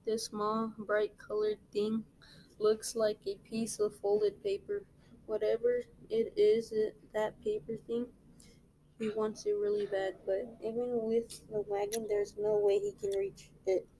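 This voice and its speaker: Woman teacher reading a novel aloud, slow pace, flat even tone, unhurried, small slips. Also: medium pitch, rough recording.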